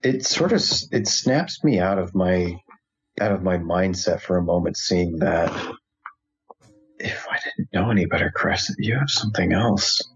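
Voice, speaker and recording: A man plays his character in a tabletop role-playing game and speaks earnestly in character. His voice is very deep and husky. The audio is muffled and lo-fi. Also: normal speed. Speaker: player.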